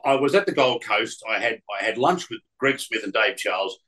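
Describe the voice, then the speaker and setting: A man's voice: mid-range voice, animated, fairly quick, pushed and bright, poor audio. A middle-aged man, a radio presenter, telling stories from his career in a rambling way, with many restarts and fillers. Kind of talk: casual storytelling interview.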